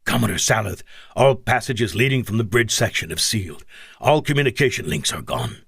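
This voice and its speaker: A man's voice: very animated, fairly quick, creaky, a bit bright, husky, no echo, clean studio sound, exaggerated voice. A man doing a guttural injured alien officer. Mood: grim. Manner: low and guttural.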